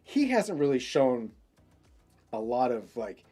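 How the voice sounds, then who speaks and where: A man's voice: mid-range voice, sing-song, slow, dark tone. A man co-hosting a tech chat show, telling a story in a rambling, casual way with many restarts. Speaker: podcast co-host.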